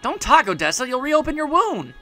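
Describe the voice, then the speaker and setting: A man voicing a loyal male soldier from a game, urgent and pleading with raised pitch. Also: very animated, a little fast, pushed and bright, soft background music, exaggerated voice. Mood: anguished.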